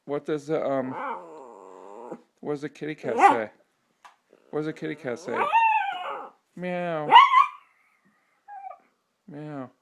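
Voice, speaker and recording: A man's voice: a little high, moderate pace, long pauses. A man as a parent asking a small child patient, coaxing questions in a casual home video. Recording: home video with steady background noise.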